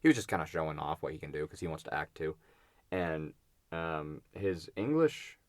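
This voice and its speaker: A young man with a very low voice, talking in a loose, rambling way full of restarts and "like"s as he co-hosts a podcast. The sound is dry and close, with no room echo. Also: big pitch swings, normal speed. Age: young adult. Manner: rambling, lots of fillers and restarts. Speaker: podcast co-host. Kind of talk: casual chat.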